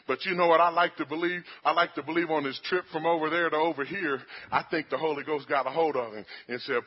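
A man preaching a sermon, building to fervent peaks with amens and hallelujahs and dropping low for quoted voices. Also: a little fast, few pauses, highs cut off. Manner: rising to shouted fervor with amens and hallelujahs.

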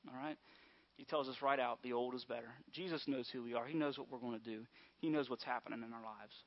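A man's voice: medium pitch, fairly even intonation, fast. Male pastor, conversational sermon delivery with constant call-and-response checks, muffled lo-fi sound. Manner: conversational, repeatedly asks "all right?" and "amen?". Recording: dull lo-fi sound.

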